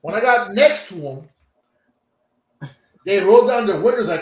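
A man's voice: sits high, normal speed, long pauses. A man co-hosting a casual podcast chat, telling a story with lots of swearing. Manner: animated storyteller, swears freely. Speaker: co-host. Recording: echoey room.

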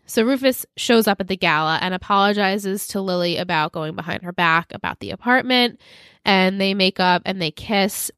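A woman co-hosting a podcast, recapping episode scenes in casual chat and slipping quickly into characters' lines. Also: mid-range voice, no room sound, clean studio sound. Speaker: podcast co-host.

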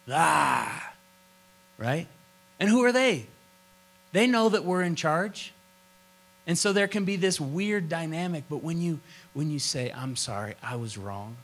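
A man's voice: mid-range voice, rough recording. A middle-aged man from Oklahoma preaching a sermon as pastor, with an emphatic, repetitive cadence.

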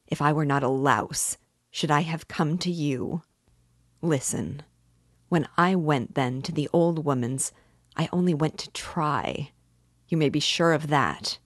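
A woman's voice: deep voice, no room sound, clean studio sound, exaggerated voice. A woman reading the part of a feverish, tormented young man in an intense confessional monologue, as an audiobook reading. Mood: anguished.

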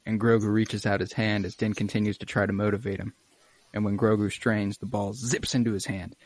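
A young man with a lowish voice recaps a show in a loose podcast chat. He slips into exaggerated character voices and curses casually. The sound is dry and close, with no room echo. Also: flat delivery, a little fast. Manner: acts out lines in exaggerated voices, swears casually. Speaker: podcast co-host recapping an episode. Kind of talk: casual chat, animated retelling.

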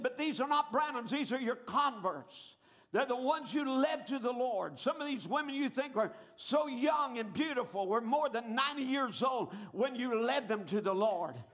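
A man preaching a sermon, telling a story dramatically and breaking into shouts at its high points.

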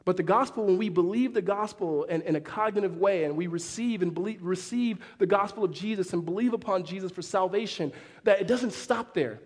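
A man preaching a sermon as pastor, animated, with frequent restarts. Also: sits high, a little fast. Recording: long hall reverb.

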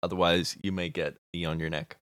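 Deep-voiced laid-back man, dry sound. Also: level tone, a little fast, a bit bright, no room sound. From Canada. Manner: laid-back, swears freely, hedging. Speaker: podcast co-host. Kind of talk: casual chat.

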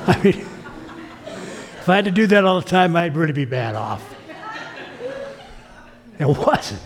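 A man's voice: on the high side, expressive, unhurried, long pauses. A man preaching a sermon, telling stories with emphatic, acted-out quotes. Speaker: pastor. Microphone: filmed sermon.

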